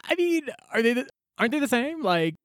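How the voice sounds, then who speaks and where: A woman co-host talks in a loose, slangy way, swearing freely and breaking into laughter. Her voice sits a little high for a woman. The sound is dry and close, with no room around it. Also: big pitch swings, brisk, no room sound. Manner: slangy, profane, laughs often. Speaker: podcast co-host. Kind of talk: casual chat.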